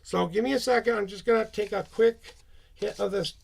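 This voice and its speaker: A man's voice: high-pitched, a little fast, gravelly, a little mellow, husky. A man reading tarot on a live stream, chatty, rambling and upbeat as he talks to his viewers.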